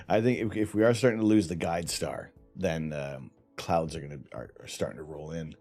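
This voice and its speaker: A man's voice: sits low, normal speed, creaky, darkish tone, breathy edge, soft background music. A man hosting a live stream in casual, rambling chat, his tongue and lips numb, often sighing. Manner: rambling, chatty, sighs often. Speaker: livestream host. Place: home setup during night imaging.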